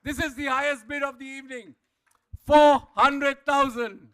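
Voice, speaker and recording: In an event hall, a man with a very high voice and little pitch movement works as auctioneer at a live player auction. He calls out bids rapidly and repetitively, rising to shouts as he pushes the room for more.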